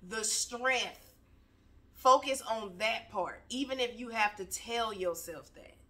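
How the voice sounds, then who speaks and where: A woman's voice: fairly high pitch, bright, forceful tone. A woman on her couch at home giving a candid motivational talk, blunt and preachy, swearing freely. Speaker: motivational speaker.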